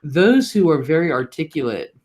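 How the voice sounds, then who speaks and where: A man's voice: fairly high pitch, sing-song, normal speed, a little mellow. A man from the northern US telling stories in casual chat, laughing between lines. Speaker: host of a live talk stream.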